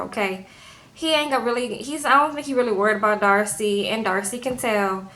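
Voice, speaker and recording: A woman's voice: a little high, moderate pace. A woman, recapping a reality show in casual talk and acting out the people's lines with sass, tagging "okay?" onto her sentences. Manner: animated, sassy, frequent "okay?" tags.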